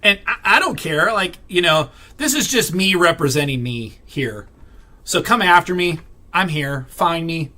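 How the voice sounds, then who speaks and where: A man talks straight to camera in a loose, rambling vlog, tripping over fillers and restarting his sentences. His voice sits fairly high and sounds bright and tense, and he comes across blunt and irritated, with the odd swear. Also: animated, a little slow. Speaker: vlogger. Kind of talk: casual venting to camera.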